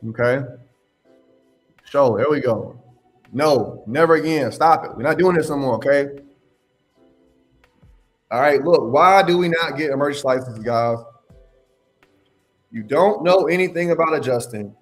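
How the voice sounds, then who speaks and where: A man's voice: medium pitch, lively intonation, moderate pace, pauses often, faint music behind. A man hosting a live question-and-answer stream, giving blunt, emphatic advice and scolding his viewers. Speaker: host answering live questions on insurance adjusting.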